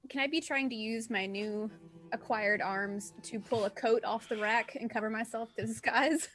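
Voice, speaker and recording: A woman's voice: on the high side, moderate pace, a bit bright, soft background music. A woman with a Southern US accent, a tabletop role-play player who talks in a giggly, chatty way.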